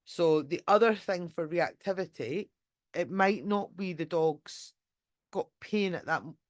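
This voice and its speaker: A woman whose voice is on the low side talks a little slowly in a relaxed live online session as a dog trainer, recorded dry with clean studio sound on a computer mic during screen sharing. She rambles conversationally with many fillers and restarts, swears casually, and at times imagines aloud what a dog is thinking.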